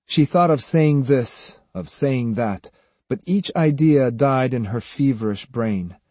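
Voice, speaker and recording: A man reading a novel aloud as audiobook narrator, in a measured, even way, close to the mic. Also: mid-range voice, dry recording. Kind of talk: scripted narration.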